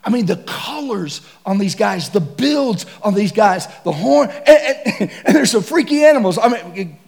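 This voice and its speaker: A man preaching to a men's gathering, telling a comic safari story with bursts of shouting and laughter. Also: high-pitched, unhurried, vocal fry. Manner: animated, shouts and laughs through stories. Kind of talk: comedic sermon storytelling.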